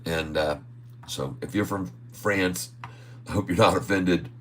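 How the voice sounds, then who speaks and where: A man's voice: low voice, a little slow, a little hiss or hum. A man hosting a casual day-trading livestream, joking, rambling and laughing often.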